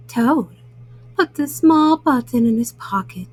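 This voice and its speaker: A woman reading bedtime stories aloud to children in a gentle, soothing way. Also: a little high, lively intonation, slow pace, slightly rough, soft background music, poor audio. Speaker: children's storyteller.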